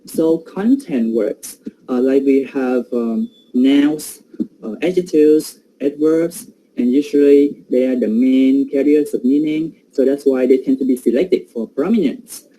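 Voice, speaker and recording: A man's voice: medium pitch, unhurried, dark tone, a little hiss or hum, poor audio. A man giving an academic presentation on pronunciation, hesitant and full of fillers.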